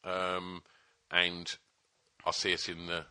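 A man's voice: low-pitched, monotone, slow, pushed and bright, clear, resonant tone, no room sound. A man co-hosting a podcast, talking in a casual, teasing way with lots of swearing and fillers. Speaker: podcast co-host. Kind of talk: casual chat.

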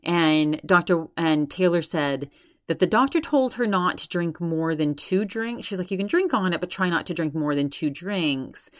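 A woman's voice: lowish voice, moderate pace, dry recording, clean studio sound. A woman podcast host casually recapping another show, constantly quoting with "she's like". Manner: retells others' words with constant "she's like".

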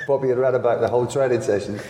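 A former footballer in his sixties, medium-pitched and talking rapid-fire, tells stories as an interview guest, chuckling and restarting constantly in an animated way. The room sounds roomy and reverberant, with a little hiss or hum.

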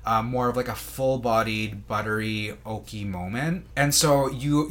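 A man's voice: lowish voice, fairly even intonation, measured pace, a bit bright. A man chatting casually as a podcast guest, rambling with many fillers and restarts as he describes things. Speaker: sommelier guest.

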